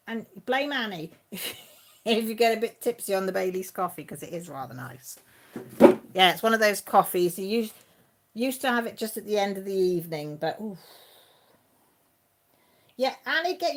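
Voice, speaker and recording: A chatty woman hosts a relaxed live stream, answering her viewers by name. She laughs easily and keeps things informal, at a middling pitch for a woman. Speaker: channel host reading live chat. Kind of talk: casual live-stream chat.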